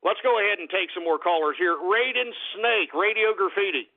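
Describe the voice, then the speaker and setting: A man's voice: sits high, brisk. A man hosting a call-in radio show, ranting angrily and cursing at his listeners. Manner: ranting, profane, shouting insults at trolls. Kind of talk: angry call-in radio rant. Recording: tinny phone-quality radio recording.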